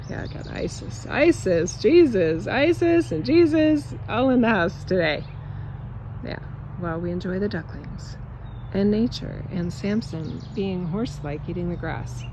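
A woman's voice: mid-range voice, lively intonation, unhurried, dark tone, slight background noise. Blunt, emphatic woman giving a spiritual pep talk. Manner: blunt, emphatic, swears, laughs often. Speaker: spiritual coach. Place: outdoors in a yard.

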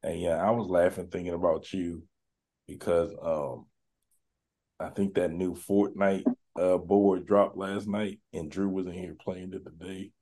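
A man's voice: deep voice, steady tone, measured pace, warm tone. A man hosting a podcast, chatting in a laid-back, slangy, rambling way. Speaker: podcast host. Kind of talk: casual chat.

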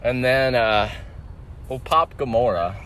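A man's voice: mid-range voice, slow pace, a bit bright, a little hiss or hum. A man co-hosting a podcast, chatting casually and loosely with a friend, laughing often. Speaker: podcast co-host. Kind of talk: casual chat.

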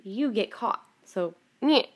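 A woman's voice: on the high side, expressive, slow pace. A woman hosting her own podcast, chatting casually at home, rambling with frequent laughs and some swearing. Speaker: podcast host. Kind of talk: casual personal monologue. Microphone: home recording.

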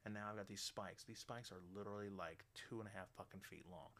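A middle-aged man hosting a radio show, ranting bluntly and swearing constantly, loud and animated. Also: lowish voice, fast talker. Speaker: radio host. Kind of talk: profane ranting monologue.

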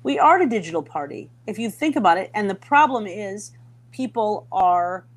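A middle-aged woman from Minnesota telling a story in a casual chat, lively and often acting out the voices of people she quotes. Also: mid-range voice, normal speed. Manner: animated, acts out quoted voices, many restarts. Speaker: podcast guest.

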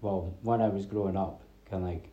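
A man in his thirties from north-east Scotland hosts a casual solo podcast, dropping his T sounds as he rambles along. His low, steady voice moves fairly quickly, full of fillers in chatty storytelling, and the lo-fi sound is reverberant.

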